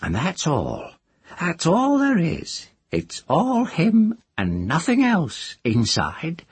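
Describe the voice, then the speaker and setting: A man voicing an old, earthy village witch woman who talks in a rustic country dialect with a drawn-out, sing-song lilt. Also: fairly high pitch, wildly swooping pitch, breathy edge, no room sound, voice pushed up, heavily acted. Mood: folksy, musing. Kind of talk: audiobook character voice.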